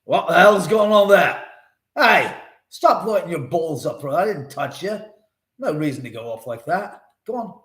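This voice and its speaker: A man's voice: fairly high pitch, animated, normal speed, fairly bright tone. A middle-aged man hosting a live stream from his home, chatting casually in a rambling, profane way.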